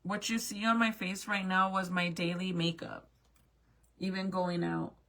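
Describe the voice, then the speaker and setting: A woman's voice: fairly low pitch, little pitch movement, measured pace, a bit bright. A young woman chatting casually with viewers as she looks back through old family photos, swearing now and then. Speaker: mom vlogger.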